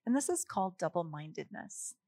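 A woman teaching a Bible passage in an animated, emphatic way, reading verses and explaining them. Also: on the low side, brisk, vocal fry, dry recording. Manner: animated, emphatic, chuckles at her own points. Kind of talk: expository sermon.

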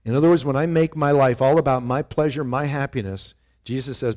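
This middle-aged male pastor talks briskly in a medium pitch. His sermon is animated and conversational, and he frequently poses questions to his listeners.

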